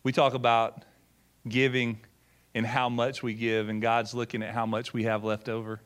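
A man's voice: medium pitch, flat delivery, normal speed, a bit bright, clean tone. Folksy middle-aged man preaching a story. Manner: folksy storyteller, acts out quotes, repeats words. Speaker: pastor and former missionary. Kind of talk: sermon with storytelling.

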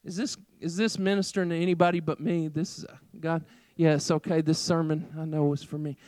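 A middle-aged man, preaching a sermon in a casual, conversational way with lots of fillers, swinging between loud emphasis and quiet asides. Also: fairly high pitch, fairly even intonation, a little fast, no echo. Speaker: pastor.

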